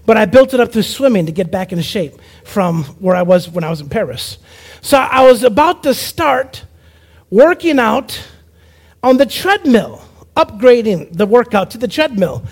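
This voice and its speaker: Brief: man with a very high voice, preacher giving a lively testimony, acts out the voices in his story. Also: normal speed, breathy edge. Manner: animated storyteller who acts out quoted voices. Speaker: preacher and evangelist. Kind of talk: personal testimony sermon.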